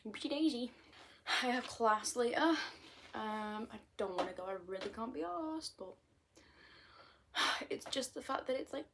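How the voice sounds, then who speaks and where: A woman's voice: mid-range voice, fairly bright tone, a little hiss or hum. A woman in her twenties with a British accent, chatting casually and self-mockingly to camera from her bedroom, hopping between topics. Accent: British English. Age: 20s. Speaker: vlogger.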